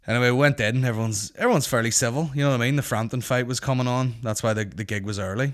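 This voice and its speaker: A man's voice: mid-range voice, rapid-fire, few pauses. A young Northern Irish man hosting a comedy podcast, telling a rambling, sweary anecdote in casual chat. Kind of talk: casual storytelling.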